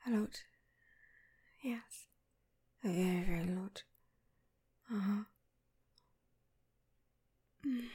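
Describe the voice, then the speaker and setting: A woman's voice: on the high side, takes it slowly, long pauses, dark tone, husky. A woman in a whispered role-play, speaking to a partner in an intimate, flirty, playful way. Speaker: audio role-play performer.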